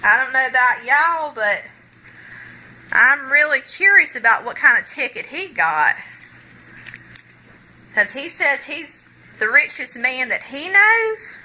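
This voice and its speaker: Woman presenter, folksy chatty storyteller, very bright tone, a bit high. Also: very animated, takes it slowly, pauses often, slight background noise, poor audio. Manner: folksy, chatty, many "okay"s. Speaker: gospel magic presenter. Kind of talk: storytelling tutorial.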